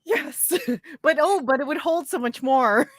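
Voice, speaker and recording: A woman's voice: sits high, a little slow, no echo, clean studio sound. A woman hosting a casual live-stream chat, laughing often between her words. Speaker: host.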